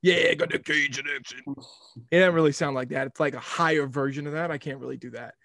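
A young man hosting a sports podcast, telling a rambling, animated story in casual talk. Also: on the high side, fast, no echo, clean studio sound.

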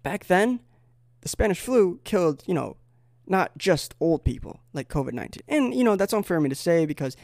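A man's voice: high-pitched, sing-song, fairly quick, gravelly, a little mellow, no echo, clean studio sound. A man talking to camera in a rambling, comedic vlog, full of fillers and digressions, with bursts of mock-insulting sarcasm. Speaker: vlogger.

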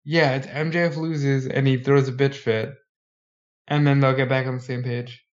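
A man co-hosting a casual wrestling podcast, talking with excitement and acting out the wrestlers he quotes. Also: mid-range voice, normal speed, highs cut off. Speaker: podcast co-host.

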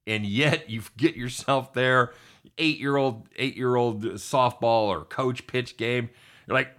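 A middle-aged man hosting a sports talk show, excitable and chatty, often calling his co-host by name. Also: medium pitch, normal speed.

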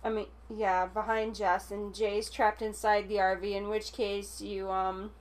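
A woman's voice: medium pitch, level tone, measured pace. A woman co-hosting a podcast, retelling a horror film plot in a rambling way with lots of fillers. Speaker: podcast co-host. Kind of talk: casual chat recapping a film.

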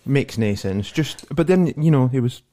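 Scottish male podcast co-host, lively pitch, rambling sweary storyteller. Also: normal speed. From Scotland. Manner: rambling storyteller, laughs through anecdotes, swears freely. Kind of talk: casual banter.

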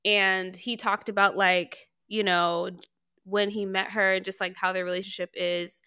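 A woman co-hosting a podcast, chatting with expressive energy and a ready laugh. She slips into quoted lines of dialogue as she talks. Her voice has a bright, clear ring. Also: medium pitch, unhurried. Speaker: podcast co-host. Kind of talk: casual chat.

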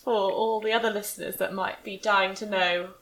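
A young woman co-hosting a casual podcast chat, giggly, chatty and animated. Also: medium pitch, normal speed, rough recording. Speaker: podcast co-host.

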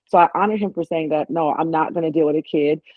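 A woman with a low-sitting voice talks quickly as a podcast guest in a casual chat. She is animated and acts out what other people said. The sound is tinny and phone-like, dry with no room sound.

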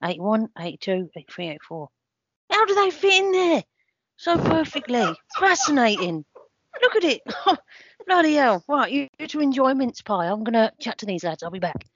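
A woman's voice: mid-range voice, a little fast. A performer voicing Statman John, a daft, eccentric man who talks bluntly and keeps exclaiming. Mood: excitable. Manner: blunt, excitable, says bloody hell. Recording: dull lo-fi sound, dry.

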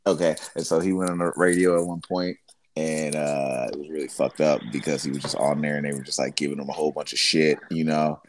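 A man's voice: a bass voice, brisk, slight background noise. A man co-hosting a casual podcast chat, telling stories animatedly and acting out voices from prank calls. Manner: animated storyteller, acts out prank-call voices. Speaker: podcast co-host.

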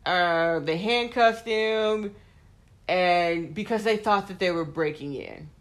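A woman's voice: on the low side, slow. A woman hosting a casual chat, telling a story bluntly with lots of swearing and "like" fillers. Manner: blunt, profane, vents with heavy "like" fillers; acts out quoted people in animated voices.

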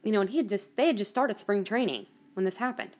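A woman's voice: mid-range voice, fast talker, a little mellow. A woman hosting a personal monologue podcast, ranting angrily and swearing heavily, with many restarts and trailing asides. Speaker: podcast host.

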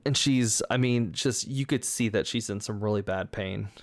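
A man's voice: lowish voice, moderate pace, dry recording. A man narrating as a tabletop game master, rambling with many likes and ums.

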